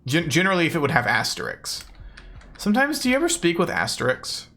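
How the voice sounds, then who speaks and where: A young man streams a game and chats casually, rambling playfully with meme phrases as he plays. He talks fast in a slightly high, pushed and bright voice with huge pitch swings, and faint music sits behind him.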